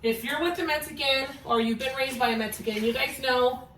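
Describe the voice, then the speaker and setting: A woman's voice: high-pitched, brisk, roomy sound, distant mic, noisy background. A young woman vlogging in her home kitchen, chatting casually and swearing freely as she tells a story while cooking. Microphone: camera away from the cook.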